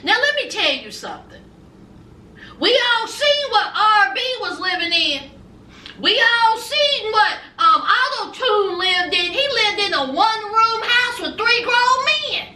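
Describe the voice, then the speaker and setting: A sassy woman with a drawl chats through her review, her very high, bright voice swooping up and down as she takes her time. She calls her viewers honey and y'all. The sound is roomy and slightly off-mic. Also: big pitch swings, a little slow, recorded from a distance. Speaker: reality TV reviewer. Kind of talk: casual vlog review. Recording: roomy echo, a bit off-mic.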